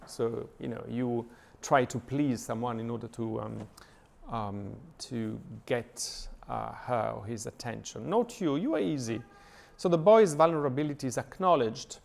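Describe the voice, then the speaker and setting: Halting man lecturing, gravelly voice. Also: mid-range voice, darkish tone. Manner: thoughtful, many hesitations and fillers. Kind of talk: lecture reading and analyzing a poem. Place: church lecture.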